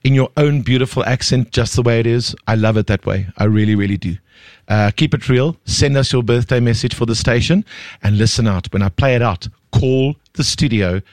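A South African man hosting a radio talk show, emphatic and animated, often repeating himself. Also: medium pitch, fairly quick, dry recording. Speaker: radio host. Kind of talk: casual radio chat.

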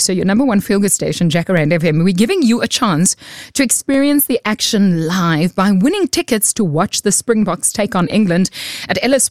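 Bubbly South African radio host. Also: female voice, mid-range voice, no room sound, studio quality. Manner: bubbly, chatty. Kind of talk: upbeat radio chat. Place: radio studio.

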